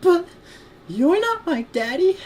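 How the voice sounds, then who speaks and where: Man putting on a small shy filly voice, very high, slow, hesitant, storybook. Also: sing-song, a little mellow, slight background noise, heavily acted. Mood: timid. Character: timid little filly pony, young girl.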